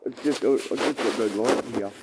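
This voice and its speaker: A man rambling and halting through a casual livestream chat from a dark shed, often repeating himself and swearing. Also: mid-range voice, noisy background. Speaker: live streamer. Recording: tinny phone-like stream audio.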